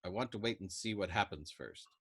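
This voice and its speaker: A man's voice: sits low, fairly quick, fairly bright tone, slightly rough, dry recording, clean studio sound, full character voice. A man voicing a wounded young male airman who protests bluntly. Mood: defiant.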